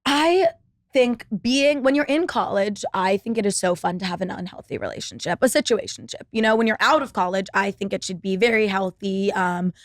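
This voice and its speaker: Talking a little fast in an expressive, medium-pitched voice, this twenty-something woman rambles through her solo podcast recorded on a laptop setup. Profanity and a stream of "like"s fill her speech, and the sound is clean, studio-like and echo-free.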